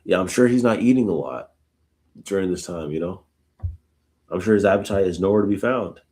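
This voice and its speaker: Man, very deep voice, live scripture reading, informal commentary, casual asides. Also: brisk, a little mellow. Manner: reads verses aloud, then reflects informally; uses casual "y'all" asides. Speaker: Bible study host.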